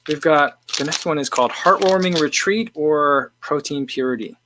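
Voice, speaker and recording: A man's voice: a little high, moderate pace, background noise. A man hosting a casual livestream, rambling with lots of fillers and restarts while he eats and answers viewer questions. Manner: eating while talking. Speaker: livestream host.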